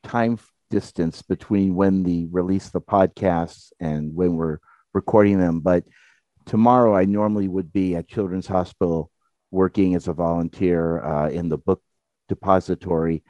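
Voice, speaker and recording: A man's voice: sits low, fairly even intonation, normal speed, warm tone, no echo, highs cut off. A man co-hosting a podcast, easygoing and chatty. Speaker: podcast co-host. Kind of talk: casual chat.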